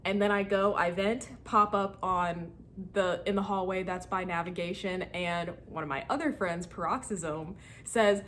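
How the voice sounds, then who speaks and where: A woman in her twenties telling stories in a casual vlog, animated and laughing as she acts out her friends' lines. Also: lowish voice, moderate pace, slight background noise. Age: 20s. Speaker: student vlogger.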